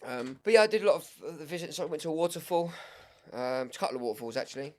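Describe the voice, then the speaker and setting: A man's voice: on the high side, lively intonation, racing. Easygoing man who laughs a lot. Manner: easygoing, agreeable, laughs often. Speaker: podcast co-host. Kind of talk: casual chat.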